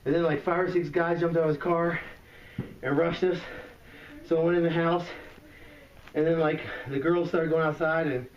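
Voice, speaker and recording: A shaken man calling emergency services, out of breath, rambling and halting as he talks. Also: on the high side, flat delivery. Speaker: 911 caller. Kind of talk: emergency phone call. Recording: muffled echoey emergency call recording, distant.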